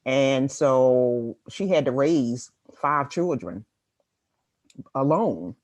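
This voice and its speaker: Slow-talking woman guest, laughs a lot. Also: extremely low pitch, lively intonation, darkish tone, no echo. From Washington, D.C. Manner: laughs often, halting with fillers. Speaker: guest writer and real estate agent. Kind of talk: casual interview conversation.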